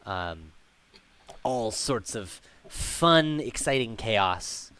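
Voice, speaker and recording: A man's voice: lowish voice, animated, very slow, fairly bright tone, smooth. A man narrating a tabletop game as game master, casual and full of fillers.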